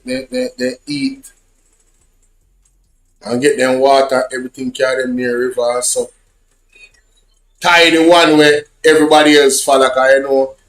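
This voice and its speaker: Speaking at a medium pitch in an echoey room, a Jamaican-accented man rambles through repetitive stories in patois. It's a casual storytelling chat from a social media vlogger to his online audience.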